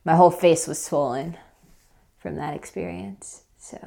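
Female interview guest: low voice with vocal fry, casual and chatty, heavy on filler words. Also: a little slow, mellow. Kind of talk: casual storytelling.

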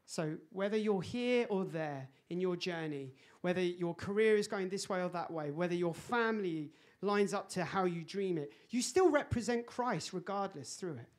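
Male pastor, animated, storytelling sermon, lively delivery. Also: sits high, normal speed, hardly any pauses. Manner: animated storyteller, laughing and acting out scenes.

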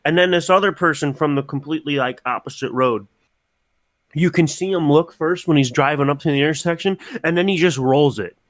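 A man's voice: fairly high pitch, a little fast, no echo. A young man, co-hosting a podcast, ranting expressively about annoyances and swearing casually. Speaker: podcast co-host. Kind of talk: casual chat. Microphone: studio microphone.

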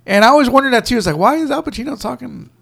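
A man's voice: very high voice, expressive, very fast, creaky, fairly bright tone, husky. A man co-hosting a podcast in casual chat, rambling with lots of fillers and restarts. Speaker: podcast co-host.

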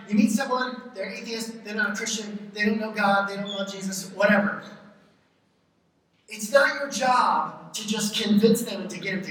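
A man's voice: high-pitched, a bit bright, slight background noise. A man preaching a sermon as pastor, in a conversational way, sometimes putting on playful baby talk. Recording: echoey hall, far from mic.

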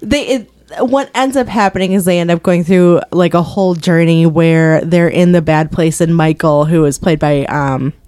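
A woman's voice: lowish voice, steady tone, moderate pace, few pauses, a little mellow, dry recording, studio quality. A woman chatting casually about TV shows, full of filler words and laughter. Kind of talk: casual chat.

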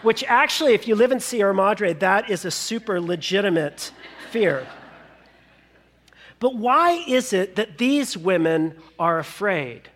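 A man preaching a sermon to a congregation, telling the story with lively acted-out asides. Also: sits high, a little slow. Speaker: pastor.

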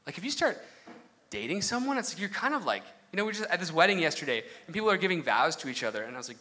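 A man's voice: fairly high pitch, big pitch swings, rapid-fire, bright, forceful tone. A young man preaching a casual, conversational sermon, full of asides and personal stories. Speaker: pastor.

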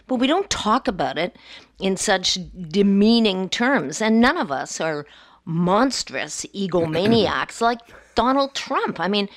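A woman's voice: on the low side, dry recording, studio quality. Emphatic, earthy woman panelist. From Canada, a hockey mining town. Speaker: radio panelist. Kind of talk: opinionated radio panel talk.

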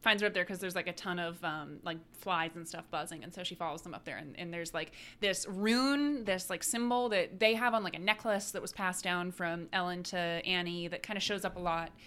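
A woman co-hosts a casual podcast with a bright, crisp voice. She retells scenes in a chatty, animated way, sprinkling "like" throughout. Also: fairly low pitch, brisk, hardly any pauses. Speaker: podcast co-host.

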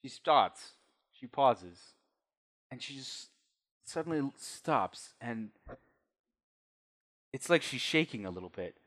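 A man's voice: medium pitch, expressive, slow, pauses often, a bit bright. A man narrating as game master of a tabletop role-playing game, telling the scene in a loose, conversational way.

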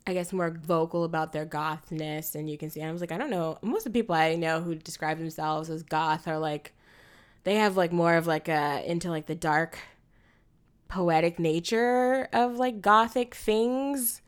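A young woman talking through a movie in a casual podcast chat. She rambles with lots of fillers and restarts and laughs often. Her voice sits a little low. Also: normal speed, clean tone. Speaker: podcast co-host. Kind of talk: casual film discussion.

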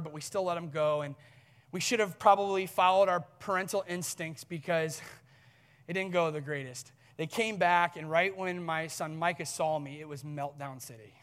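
A man preaching as a pastor, telling a story from his own family life with earnest warmth and laughing at himself. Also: fairly high pitch. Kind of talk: sermon with personal story. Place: large church hall. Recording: long church hall reverb.

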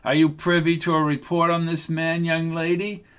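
A man's voice: fairly high pitch, animated, normal speed, pushed and bright. A man voices a hostile older agent from an audiobook. He speaks with a heavy foreign accent and a scolding tone. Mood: menacing.

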